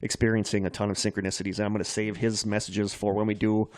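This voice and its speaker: Male podcast co-host, low-pitched, casual and self-mocking storyteller, dry studio sound. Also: flat delivery, fast, darkish tone, no room sound. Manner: self-deprecating, rambling storyteller. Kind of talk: casual chat.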